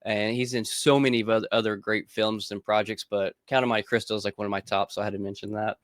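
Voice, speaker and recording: A man co-hosting a pop-culture podcast in casual chat, relaxed, laughing often and restarting his sentences. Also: lowish voice, fast, no echo, clean studio sound. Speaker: podcast co-host.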